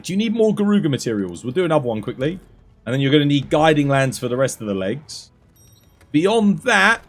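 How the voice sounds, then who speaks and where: A hoarse man, losing his voice, giving chatty, self-deprecating commentary while coaching other players through a game. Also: on the high side. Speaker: gaming streamer coaching players. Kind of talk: casual gameplay commentary.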